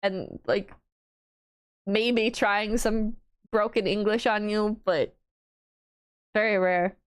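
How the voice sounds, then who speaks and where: A woman's voice: medium pitch, fairly even intonation, slow pace, clear, resonant tone. A woman from the United States streaming as a VTuber, chatting casually in a rambling, profane way with bursts of exasperated mock disbelief.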